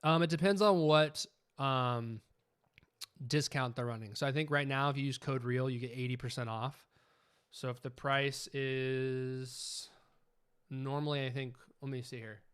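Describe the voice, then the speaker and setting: A man hosting a live trading stream, chatting casually and getting excited as he watches the charts. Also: medium pitch, unhurried, clear, resonant tone. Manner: chatty, excitable, keeps asking "you know what I'm saying".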